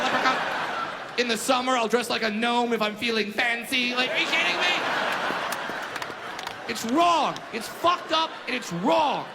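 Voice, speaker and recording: A man doing a brash, profane stand-up routine on a club stage, building to shouted rants. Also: very high voice, very noisy. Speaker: stand-up comedian.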